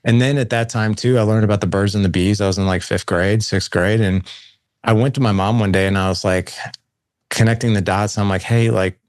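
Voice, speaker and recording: A man's voice: on the low side, fairly even intonation, fairly quick, no echo, studio quality. A middle-aged man from St. Louis, a podcast guest telling a personal story candidly, often acting out quoted dialogue. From St. Louis, USA.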